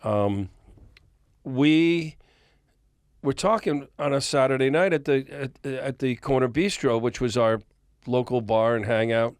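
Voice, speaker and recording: A man's voice: mid-range voice, measured pace, no room sound, studio quality. An older man, a music industry guest on a podcast, telling long stories and acting out the dialogue. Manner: animated storyteller, acts out quoted dialogue. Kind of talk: storytelling in a podcast interview.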